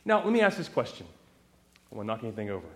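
A man preaching a sermon, animated and talking straight to the congregation with rhetorical questions. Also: on the low side, fast. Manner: asks the audience rhetorical questions; animated, talks straight to the crowd.

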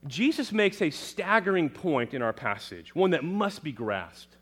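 Guy preaching, voice climbs way up then drops low, asks the crowd stuff and answers himself. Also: sing-song, unhurried, hardly any pauses, slightly rough. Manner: dramatic, rising to loud emphatic proclamations then dropping low; asks the congregation questions and answers them. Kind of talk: sermon.

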